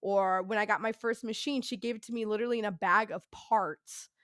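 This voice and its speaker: A woman telling a story as a podcast guest, rambling and profane, peppering her talk with laughs and quick "right?" asides. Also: mid-range voice, steady tone, fairly bright tone, no room sound, studio quality. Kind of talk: casual storytelling.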